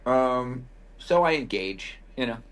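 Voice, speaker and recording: A podcast host tells a loose, profane travel story in a casual, wry manner, full of quoted asides. His husky voice sits at a medium pitch with a fairly bright tone, and he's animated while taking his time.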